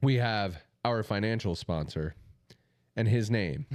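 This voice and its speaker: A man's voice: lowish voice, measured pace, darkish tone, no room sound, studio quality. A man co-hosting a casual podcast, joking and self-deprecating, rambling with fillers. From Midwestern United States. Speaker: podcast co-host. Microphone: studio microphone.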